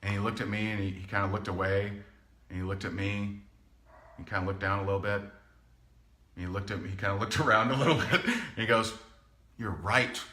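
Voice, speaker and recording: Bright, emphatic male sales coach. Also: lowish voice, a little fast, long pauses. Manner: animated storyteller, emphatic, chuckles often. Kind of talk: casual live coaching talk. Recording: echoey room.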